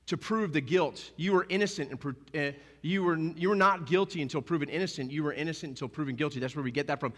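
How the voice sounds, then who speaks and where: A male pastor delivers a lively sermon with a bright, slightly high voice, swinging between emphatic bursts and hushed moments as he acts out scenes. His voice carries the long reverb of a church hall. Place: church sanctuary.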